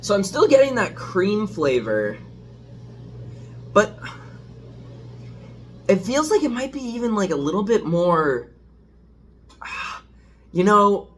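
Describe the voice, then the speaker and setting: A man's voice: sits high, big pitch swings, slow, pauses often, a bit bright, a little hiss or hum. A man chatting casually as a food reviewer, rambling and hesitant, self-deprecating as he hunts for words, with a dishwasher running in the background. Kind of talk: casual home review vlog.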